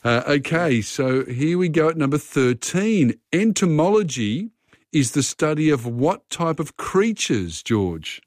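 A man's voice: on the high side, big pitch swings, a little slow, a little mellow, no room sound, clean studio sound. A man hosting a radio phone-in quiz, chatting casually and talking contestants through the questions.

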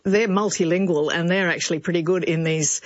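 A woman appearing as a language expert on a talkback radio show, calmly explaining where words and pronunciations come from. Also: on the low side, no room sound. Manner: measured, knowledgeable explainer. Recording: slightly muffled dry radio studio.

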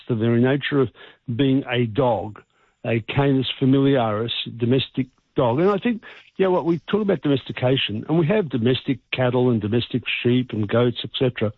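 A man's voice: medium pitch, slightly rough, dry recording. A male vet, explaining earnestly and emphatically over the phone. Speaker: vet expert guest. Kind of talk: phone interview. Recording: tinny phone line.

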